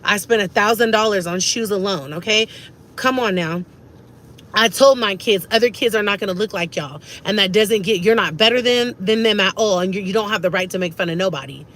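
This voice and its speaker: A woman's voice: medium pitch, brisk, a bit bright. A woman, ranting emphatically to camera as a vlogger and repeating herself for stress.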